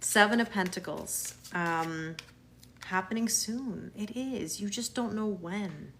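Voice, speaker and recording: A woman's voice: mid-range voice, takes it slowly, fairly bright tone, slight background noise. A woman with a Canadian accent, a tarot reader chatting live with viewers in a reassuring way, often restarting her words. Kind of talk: live-stream chat with viewers.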